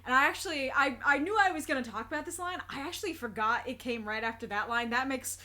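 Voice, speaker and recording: High-voiced woman thinking out loud. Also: quick pace. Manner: thoughtful, earnest, laughs often, loops back over her thoughts. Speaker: reaction video creator. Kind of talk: casual spoken commentary.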